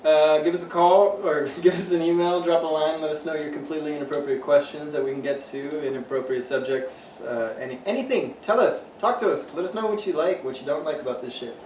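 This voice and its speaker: A man's voice: on the high side, a little fast, hardly any pauses, a little mellow. A man, casually chatting and swearing freely as a podcast co-host. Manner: loose, profane storytelling. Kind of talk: casual chat. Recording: roomy room, distant mic, faint hum.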